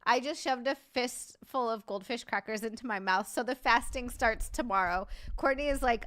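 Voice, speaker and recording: A woman's voice: fairly high pitch, unhurried. A woman hosting a casual live-chat stream, chatting, joking sarcastically, swearing freely and thanking viewers by name. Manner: animated, sarcastic jokes. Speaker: livestream host.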